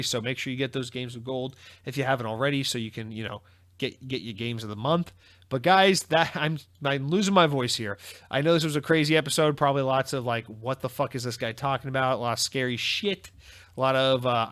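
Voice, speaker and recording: A man's voice: medium pitch, fairly bright tone, dry recording. An American man hosting a solo gaming news podcast in a casual, sarcastic way, swearing freely. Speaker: podcast host.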